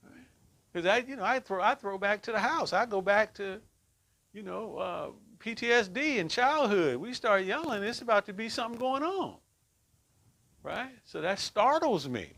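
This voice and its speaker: A man's voice: high voice, big pitch swings, normal speed, fairly bright tone. A middle-aged man leading a relationship workshop for a group, talking conversationally and often checking in with "right?". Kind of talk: teaching a group class.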